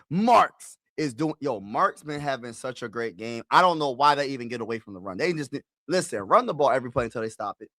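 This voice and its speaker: A man giving excitable, slangy live play-by-play and reaction on his stream, his voice rising when he calls big plays. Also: medium pitch, a little fast, dry recording, clean studio sound. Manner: excitable, slangy, talks to viewers as "bro"; rises loudly when calling big plays. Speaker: sports streamer.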